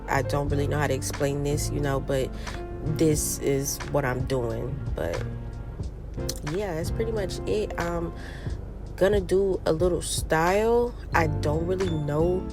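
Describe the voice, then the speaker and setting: Young woman vlogger, fairly low voice, stuffy nose from a cold, chatty and upbeat, talks at home. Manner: chatty and upbeat, slangy, addresses viewers as y'all. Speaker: beauty vlogger. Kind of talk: casual vlog chat. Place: room at home.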